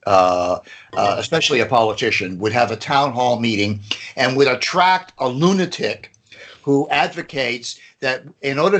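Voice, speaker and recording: A man co-hosting a podcast in casual political chat, emphatic and sardonic, with drawn-out pauses. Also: mid-range voice, a bit bright. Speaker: podcast co-host.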